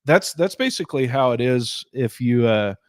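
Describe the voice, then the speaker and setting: Casting: male co-host, mid-range voice, relaxed quick reactions, dry close mic. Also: mid-range voice, dry recording. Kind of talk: casual chat over drinks.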